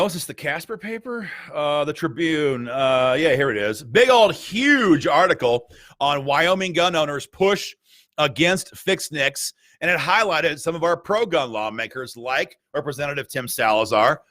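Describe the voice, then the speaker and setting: A man's voice: on the high side, fairly bright tone, no room sound. A man hosting a political commentary, reading emails aloud in a combative, sarcastic and mocking way. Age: adult with a school-age child. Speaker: gun rights group host.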